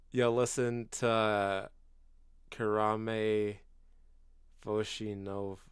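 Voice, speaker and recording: An extremely slow, low-sitting voice with a level, clean tone, recorded dry with clean studio sound. He is a Canadian man in his twenties chatting casually on a football stream, reacting to viewers bluntly with slang, saying bro to everyone and swearing freely. At times he becomes loud and incredulous in bursts.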